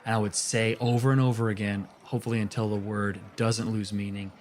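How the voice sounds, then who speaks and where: Low-voiced man playing a tabletop game. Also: flat delivery, a little hiss or hum. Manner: earnest, deliberate, in-character narration. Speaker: player.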